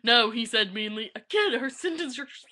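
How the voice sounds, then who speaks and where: This young webcam vlogger has a somewhat high, expressive, pushed and bright voice and speaks at normal speed. Reading aloud casually, she often dissolves into giggles.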